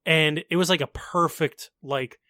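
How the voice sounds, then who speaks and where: A man's voice: fairly high pitch, steady tone, measured pace, sharp tone, dry recording, clean studio sound. Rambling young man. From Long Island, New York. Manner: laid-back, rambling, lots of "like". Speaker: podcast co-host. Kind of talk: casual chat.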